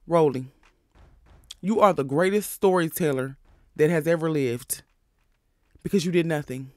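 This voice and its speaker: A man hosting a casual recap of a reality show, sassy, animated and profane as he talks. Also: a little high, moderate pace, long pauses, no echo.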